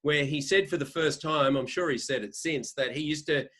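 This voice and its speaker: A man's voice: on the high side, normal speed, bright, forceful tone. Rambling Australian man in his fifties. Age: 50s. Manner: rambling anecdotal, frequent restarts. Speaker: podcast guest, sports editor. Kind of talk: casual interview storytelling.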